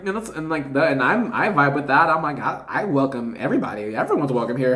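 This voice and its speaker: A woman giving an intuitive card reading to viewers, chatty and excitable, often trailing off and correcting herself mid-thought. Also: deep voice, fast talker, hardly any pauses. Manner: addresses viewers casually as y'all. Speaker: tarot reader. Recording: echoey room with faint music.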